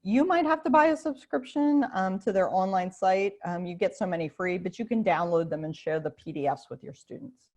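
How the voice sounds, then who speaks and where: Answering teachers in a casual online Q&A over video, a woman professor sounds bubbly and animated, with frequent fillers and restarts. Her pitch is medium and she speaks a little fast.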